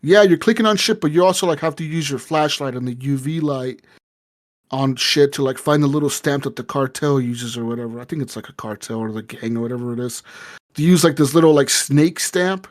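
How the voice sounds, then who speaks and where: A man co-hosting a podcast, telling a gaming story in a profane, animated way and acting out the people in it. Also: mid-range voice, brisk. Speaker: podcast co-host. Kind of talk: casual chat.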